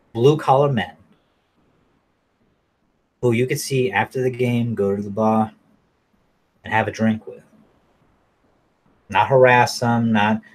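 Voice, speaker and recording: A man ranting casually to camera in a blunt, profane, rambling way, now and then mocking people in a high falsetto. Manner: mocks others in high falsetto. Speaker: vlogger.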